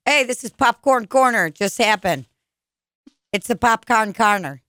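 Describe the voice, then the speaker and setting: A woman's voice: on the high side, lively intonation, normal speed, a bit bright, dry recording. Profane, laughing young woman podcast host. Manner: profane, laughing, rambling storyteller. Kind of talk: casual podcast banter.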